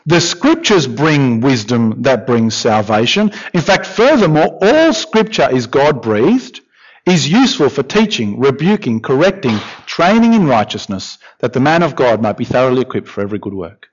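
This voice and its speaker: A man preaching a sermon, expressive, with questions and repeated emphatic lines. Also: mid-range voice, normal speed. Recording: dull lo-fi recording.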